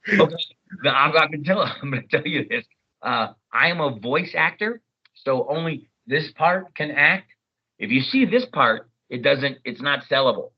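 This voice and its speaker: A man, a voice actor, chatting as an interview guest and telling stories in an animated way. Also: fairly high pitch, normal speed, breathy edge, muffled recording. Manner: animated, storytelling, jumps into character voices. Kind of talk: casual interview chat.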